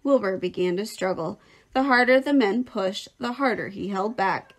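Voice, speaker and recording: A woman teacher reading a children's novel aloud in a clear, expressive storytelling voice. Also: medium pitch, normal speed.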